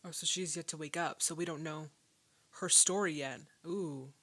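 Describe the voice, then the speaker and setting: A young woman hosting a casual film reaction, chatty and excitable, laughing easily. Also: deep voice, normal speed. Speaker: movie reaction host.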